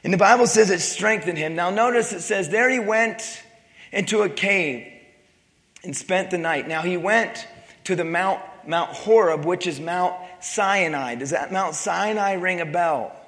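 A man preaching a sermon, retelling a scripture story with joking asides and dropping to a hush for quiet passages. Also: high-pitched, a little slow, big-room sound. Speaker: pastor.

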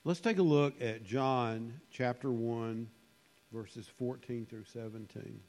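A man preaching a conversational sermon in a church hall, musing and unhurried, with frequent fillers. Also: medium pitch, steady tone, a little mellow. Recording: long hall reverb.

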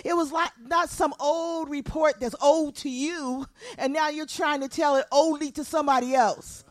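A woman preaching a sermon in church, swinging from soft, low asides to impassioned near shouting. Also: steady tone, normal speed, no echo.

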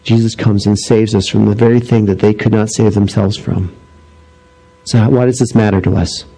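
A middle-aged man preaching a sermon, animated as he tells stories and acts out voices, dropping low and slow for solemn points. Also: husky, rough recording. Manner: animated storytelling, acting out voices. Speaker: pastor.

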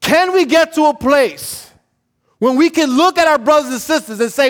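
A man preaching a sermon in a casual, animated way, full of slang, repetition and asides to the congregation. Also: very high voice, moderate pace.

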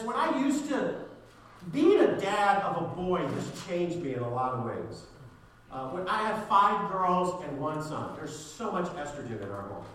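A man's voice: sits high, a bit bright. A man preaching a sermon as a pastor, with a sarcastic streak, building to fervent emphasis. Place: church sanctuary. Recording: echoey church hall, distant mic.

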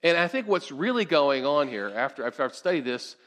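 A male pastor delivers a sermon in a lively, conversational style, frequently posing questions to the congregation. His voice is a little high and his pace a little fast.

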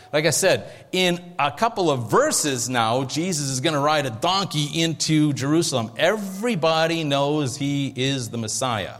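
Pastor preaching in a reverberant hall. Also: male voice, fairly high pitch, fairly bright tone. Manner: conversational, checks in with the audience. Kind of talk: sermon.

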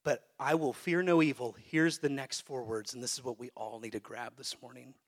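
A man who is a pastor, preaching a sermon to a congregation and swinging between hushed, soft phrases and loud, emphatic peaks. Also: medium pitch, fairly even intonation, moderate pace. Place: church sanctuary.

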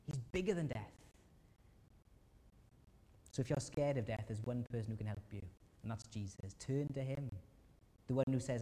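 Preacher with a mellow voice in a hall. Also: male voice, normal speed, pauses often. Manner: earnest, acts out anguished prayers with rising pitch. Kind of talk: sermon. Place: church hall. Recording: long reverb of a church hall.

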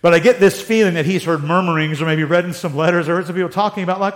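Animated, high-voiced male Bible teacher. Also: racing, hardly any pauses. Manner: animated, joking, acts out quotes in voices.

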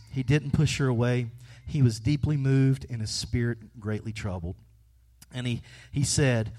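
Preaching a sermon in a mid-range voice at a moderate pace, a pastor moves between conversational asides and hushed, earnest passages. He also throws playful jokes at the congregation.

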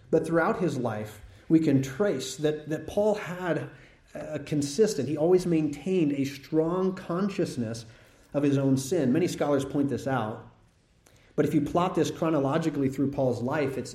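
A man preaching an expository sermon, teaching in a conversational way that grows animated when he tells a story. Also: on the high side. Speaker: pastor. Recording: roomy hall echo.

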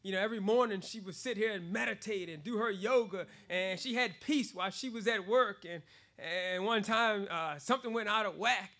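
A man preaching, his voice sitting very high and ringing sharp and bright. He keeps it animated, breaking into laughter between phrases and hammering words through repetition. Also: normal speed. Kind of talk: sermon.

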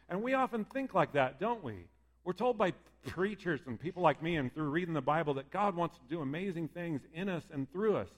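A man preaching a sermon in a conversational, lively way, often acting out what people might say. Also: fairly high pitch, moderate pace. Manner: lively, conversational, acts out quoted voices. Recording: long hall reverb.

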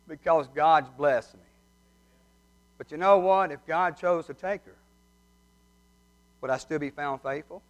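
A man's voice: a little high, unhurried, pauses often. A man preaching a sermon, folksy and heartfelt as he tells stories. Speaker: pastor. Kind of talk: sermon with humorous story.

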